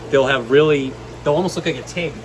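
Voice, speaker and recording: Chill guy walking through his tanks, kinda higher voice, noisy room. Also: quick pace. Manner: relaxed explaining, with "um" and "like" fillers. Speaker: guest showing his home aquarium. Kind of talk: casual chat.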